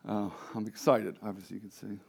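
A man preaching a sermon as pastor, moving between soft, confiding asides and loud, fervent preaching, often asking the congregation questions. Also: fairly low pitch, level tone, fairly quick, vocal fry, breathy edge. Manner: swings from quiet, intimate asides to loud, impassioned preaching.

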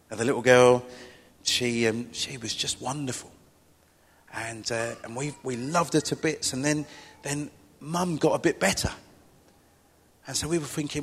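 A man's voice: mid-range voice, breathy edge. A middle-aged man preaching a sermon as a pastor, telling stories in a chatty, self-deprecating way with asides to the congregation. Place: church. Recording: long church-hall reverb.

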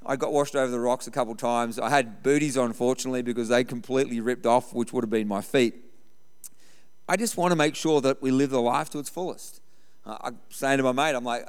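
A man's voice: mid-range voice, brisk, clear, resonant tone, big-room sound. A middle-aged man preaching a sermon, telling stories and hammering points with repetition. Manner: storytelling, emphatic repetition. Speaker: pastor.

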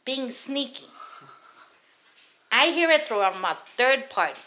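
A woman's voice: sits high, big pitch swings, takes it slowly, sharp tone. A woman in her thirties from Los Angeles, telling a heated, profane story on a casual podcast. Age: 30s. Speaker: podcast host.

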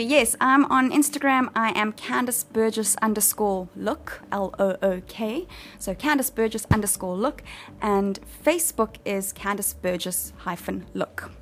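A woman with a South African accent, a guest actress chatting enthusiastically in an interview, often pausing with um. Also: medium pitch. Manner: warm, enthusiastic, frequent ums. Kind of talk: casual interview chat.

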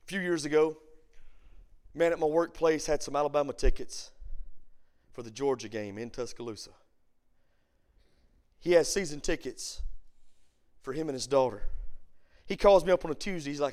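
A man, a pastor teaching a Bible study, who swings from shouted emphasis to quiet storytelling. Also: mid-range voice, fairly quick, pauses often. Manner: preacher who shouts for emphasis, then tells stories softly.

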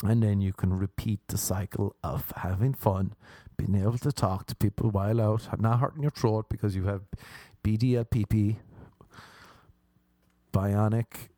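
Young irish guy rambling crude jokes, mellow low-ish voice, dry close sound. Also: fairly even intonation, normal speed, no room sound. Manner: rambling, self-mocking, jumps into mock voices. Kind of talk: crude comic monologue.

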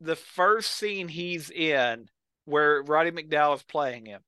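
A man's voice: fairly high pitch, takes it slowly, pushed and bright, clear, resonant tone, no room sound. A man on a podcast, telling a story with enthusiasm and acting out the quotes. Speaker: podcast co-host. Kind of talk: casual chat.

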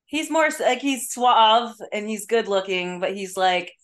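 A woman's voice: mid-range voice, unhurried. A woman co-hosting a podcast in casual chat, teasing and playful, with a lingering cough. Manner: teasing, playful, deadpan asides. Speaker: podcast co-host.

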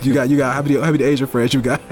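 A man's voice: mid-range voice, level tone, racing, a little mellow. A man co-hosting a podcast in a laid-back, joking, slangy way. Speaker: podcast co-host. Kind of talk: casual chat.

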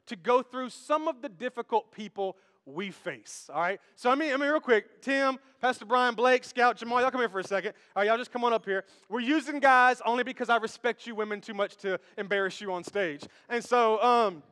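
A pastor preaches a sermon from a church stage in a very high, bright, clean voice, speaking a little fast with hardly any pauses. He stays playful and conversational, joking with the congregation, while the big hall's long reverb rings around him.

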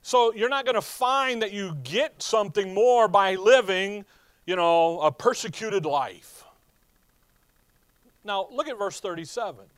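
High-voiced, emphatic male preacher. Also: measured pace, clear, resonant tone, dry recording. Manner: asks the congregation rhetorical "what?" questions. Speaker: pastor. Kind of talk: sermon.

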